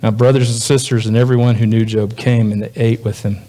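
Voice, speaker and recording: A man's voice: fairly low pitch, level tone, a little fast, warm tone. A male pastor delivering a sermon in a conversational, folksy preaching manner.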